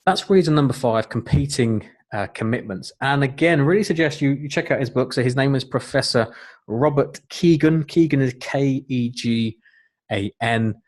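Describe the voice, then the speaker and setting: A man's voice: mid-range voice, normal speed, darkish tone. A middle-aged man, a life coach, giving an earnest, encouraging webinar talk with frequent fillers. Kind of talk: webinar presentation.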